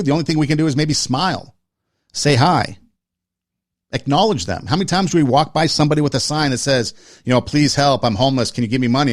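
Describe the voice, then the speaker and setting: A man's voice: medium pitch, no room sound, clean studio sound. A man hosting a podcast, telling a personal story in casual talk, earnest and repeating phrases for emphasis. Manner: talks in short listing phrases. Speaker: podcast host.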